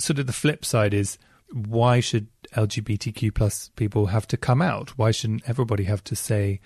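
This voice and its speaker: Gravelly, chatty male podcast host. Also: medium pitch, no echo, clean studio sound. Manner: chatty, playful and expressive. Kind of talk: casual chat reading listener emails.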